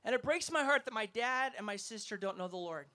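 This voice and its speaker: A man preaching an energetic sermon to a festival crowd, emphatic and asking the audience to respond. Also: sits high, a little fast. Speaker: evangelist speaker.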